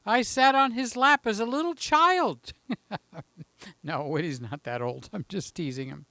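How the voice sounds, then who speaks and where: High, crisp-voiced man chatting on a live stream. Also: unhurried, pushed and bright, no room sound. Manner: chatty, jokey, reads chat aloud. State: a little out of breath. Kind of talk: casual live stream chat. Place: room in his house. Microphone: handheld mic.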